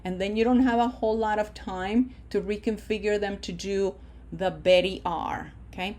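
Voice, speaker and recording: A woman teaching a Spanish lesson at an unhurried pace. Her voice sits at a middling pitch, and she stretches the model words out slowly and clearly. Between drills she patiently checks in with her students. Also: a little mellow. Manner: slow, drawn-out model pronunciations; patient, encouraging, checks in with "okay?".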